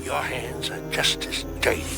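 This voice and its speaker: An actor voicing a bitter, taunting male villain in an animated series, heard as a clip with loud music underneath. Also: medium pitch, moderate pace, gravelly. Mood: sneering. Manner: contemptuous, taunting.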